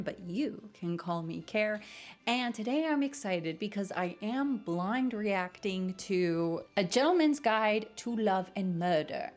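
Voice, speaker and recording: A woman with a voice of middle pitch talks to her viewers as the host of a musical theatre reaction video. She is bubbly and chatty, and she laughs easily as she shares her thoughts. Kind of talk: casual reaction commentary.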